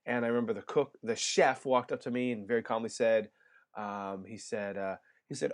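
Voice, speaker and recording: A man's voice: on the low side, fairly even intonation, normal speed. A middle-aged man from Canada hosting a casual podcast interview, chatty and rambling with many restarts. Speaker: podcast host.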